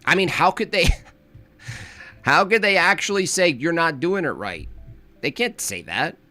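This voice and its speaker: A man's voice: a little high, very animated, a little slow, sharp tone, no room sound. A man giving a comedic reaction commentary, joking and laughing often as he riffs.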